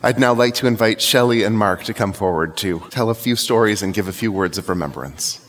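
A man leading a funeral service, introducing the next speakers in a measured, formal way. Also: lowish voice, fairly bright tone. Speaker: funeral officiant.

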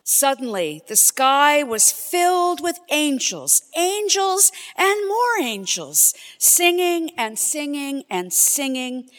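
Woman reader, high and animated, slow sing-song Christmas story, long hall reverb. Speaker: scripture storyteller. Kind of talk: reading a nativity story.

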